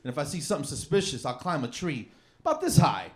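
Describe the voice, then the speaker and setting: A man works through a stand-up set, rambling and mocking himself in a fairly high voice. He speaks into a handheld mic on a comedy club stage. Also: fast. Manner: rambling, self-mocking deadpan. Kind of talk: stand-up routine.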